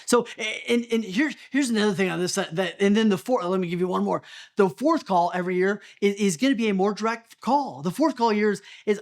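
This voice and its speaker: A man's voice: high voice, brisk. A man coaching real estate agents, direct and emphatic, acting out sample phone calls. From Texas. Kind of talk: energetic coaching talk to camera.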